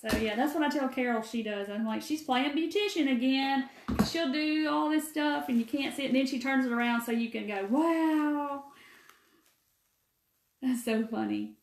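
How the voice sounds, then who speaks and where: A woman with a warm Mississippi drawl hosts a live craft stream, rambling in a folksy way and greeting viewers by name. Her voice sits a little high. The sound carries a roomy echo, as if she were in a bare room. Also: brisk, hardly any pauses, a little hiss or hum. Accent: Southern US, Mississippi. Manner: folksy, talkative, answers viewer comments by name. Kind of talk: chatty live craft demo. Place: empty room. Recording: echoey room.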